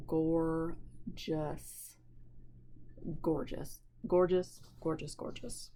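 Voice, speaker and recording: A woman talks casually to her viewers from home, sitting a little low in her voice. She gushes and repeats herself over things she loves, relaxed and chatty. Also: a little hiss or hum. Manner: chatty and gushing, repeats words for emphasis. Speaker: cross-stitch vlogger. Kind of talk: casual chat to camera.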